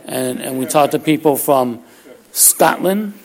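Preaching in a gravelly, middle-range male voice, this man delivers his sermon loosely and conversationally, regularly asking "all right?" His intonation is lively, and his tone is a little mellow.

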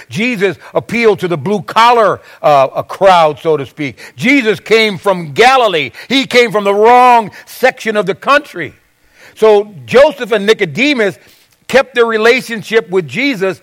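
A man with a high voice preaches in a chatty, conversational way. He reads scripture aloud and turns to his listeners with questions. His voice rises and gets louder when he quotes the verses. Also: animated, measured pace. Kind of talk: sermon.

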